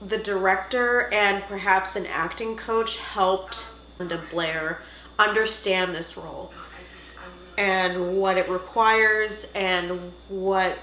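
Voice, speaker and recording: Woman movie reviewer, animated and jokey, mid pitch, recorded in a roomy space. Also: slow pace, a little hiss or hum. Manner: animated, jokey, squeamish asides. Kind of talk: casual reaction commentary.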